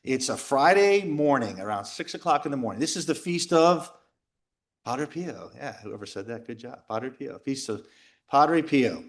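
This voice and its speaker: Animated middle-aged man telling a story. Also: mid-range voice, normal speed, hardly any pauses. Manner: animated, jokey, acts out quoted voices and shouts. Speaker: speaker at a men's retreat. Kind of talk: lively storytelling talk. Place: retreat house talk before a live audience.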